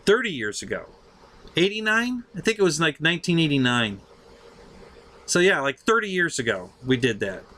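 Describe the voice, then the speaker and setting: A man's voice: on the high side, very animated, normal speed, pushed and bright. A middle-aged man telling a story casually, laughing often, swearing freely, and acting out what people said. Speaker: show host telling a story.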